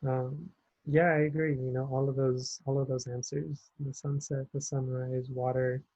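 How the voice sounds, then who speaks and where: A man leading a campus faith group on a video call, talking in a relaxed, reflective way and often restarting his sentences. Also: mid-range voice, normal speed, no echo. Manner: relaxed, searching for words, many restarts. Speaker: campus ministry group leader. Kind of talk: casual reflective talk. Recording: dull, dry, lo-fi.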